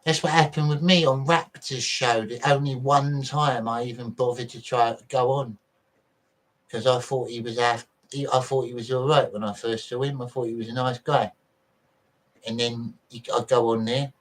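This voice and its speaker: A man hosting a casual livestream, reading viewer messages aloud between blunt, sweary rants. His voice sits at an everyday middle pitch, and he talks in a loose, off-the-cuff way. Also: steady tone, moderate pace, poor audio. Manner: profane, blunt ranting. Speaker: livestream host.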